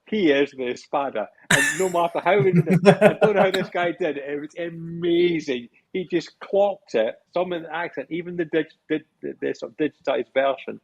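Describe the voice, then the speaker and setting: A man's voice: on the high side, animated, brisk, creaky, hardly any pauses, slightly rough, rough recording. A man chatting casually on a podcast about running an event, often repeating himself as he starts sentences. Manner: rambling, repeats words when starting sentences. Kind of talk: casual chat.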